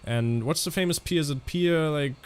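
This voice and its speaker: A man streaming a flight simulator, chatting casually in a halting way and answering viewers' questions as he flies. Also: a little high, clean tone. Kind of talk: casual live-stream commentary.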